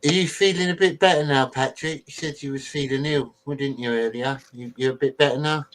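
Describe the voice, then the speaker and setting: A man's voice: medium pitch, steady tone, brisk, a bit bright, rough recording. A man hosting a casual live stream, greeting his guests in a friendly way. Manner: chummy, greets guests one by one. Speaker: birthday stream host.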